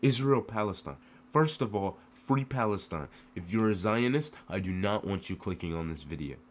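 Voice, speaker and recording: A man's voice: lowish voice, animated, normal speed, slight background noise. Impassioned man ranting to camera. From United States. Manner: emotional, rhetorical questions, repetitive cadence. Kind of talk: impassioned political rant to camera.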